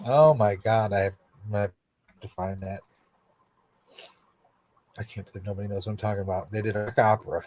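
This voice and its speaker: A man's voice: fairly low pitch, fairly even intonation, brisk, pauses often, darkish tone. A man in casual group chat on a podcast, easygoing and laughing often. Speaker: podcast co-host.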